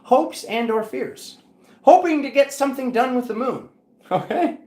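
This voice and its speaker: A man giving a casual tarot reading to his viewers, chatty and animated, often checking in with "okay?". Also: very high voice, unhurried, roomy sound. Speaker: tarot reader.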